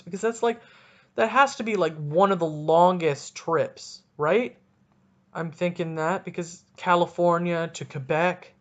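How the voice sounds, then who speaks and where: A man's voice: on the high side, creaky, highs cut off. Rambling, jokey young man podcasting solo. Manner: rambling, jokey, animated, self-deprecating. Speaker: podcast host. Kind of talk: solo casual hockey podcast chat.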